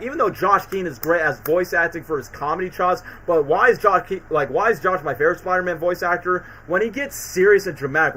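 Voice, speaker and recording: Bright-voiced enthusiastic male streamer. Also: high voice, slight background noise, low-quality recording. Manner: rambling, enthusiastic, filler-heavy. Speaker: streamer host. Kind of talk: casual live-stream chat.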